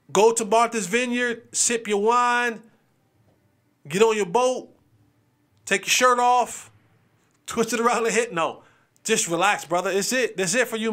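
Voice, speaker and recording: A man with a high, bright, forceful voice hosts a sports show. He runs through his game picks in a loose, playful chat. He stacks up repeated lines to drive each pick home. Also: takes it slowly, long pauses. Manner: animated and playful, repeats phrases for emphasis.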